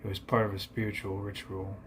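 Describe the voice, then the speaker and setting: Low-voiced deadpan storyteller, rambling absurd live tale, male. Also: fairly quick, slight background noise.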